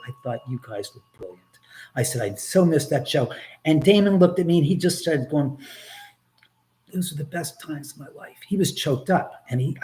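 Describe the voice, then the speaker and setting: A middle-aged American man with an American accent, hosting a live stream and telling stories in a casual, animated way, swearing and laughing as he goes. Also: mid-range voice, rough recording.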